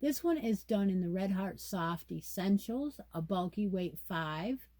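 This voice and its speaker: A woman's voice: mid-range voice, expressive, measured pace, a little mellow, no room sound. A woman hosting a casual yarn chat, reading pattern details aloud and musing to herself as she goes. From United States. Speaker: crochet channel host.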